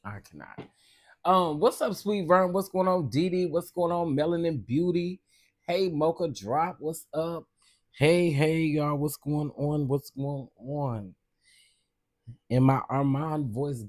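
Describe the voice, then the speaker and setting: A man's voice: on the high side, dry recording. Chatty man hosting a dry live stream. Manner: chatty, greets viewers by name, drawn-out repeated greetings. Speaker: livestream host. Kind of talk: casual live-stream chat.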